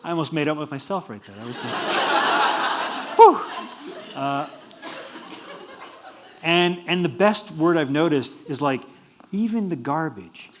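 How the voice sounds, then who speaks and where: Middle-aged guy lecturing, jokey and lively, slightly high voice, faint hiss. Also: measured pace, long pauses. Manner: joking, animated, laughs at his own jokes. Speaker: university lecturer. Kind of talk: humorous public lecture. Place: lecture hall.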